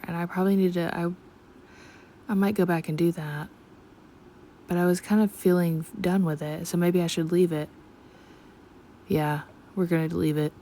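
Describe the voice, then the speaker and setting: A woman's voice: fairly low pitch, dark tone, a little hiss or hum. A woman narrating her painting in a chatty, scattered late-night voiceover, talking to herself and slipping in and out of a country twang. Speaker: art vlogger. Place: at home at night.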